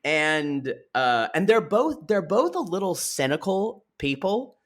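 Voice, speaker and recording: Animated gossipy man recapping reality TV. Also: a little high, slow. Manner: animated and gossipy, addresses listeners as y'all. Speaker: podcast co-host. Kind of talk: casual reality TV recap chat.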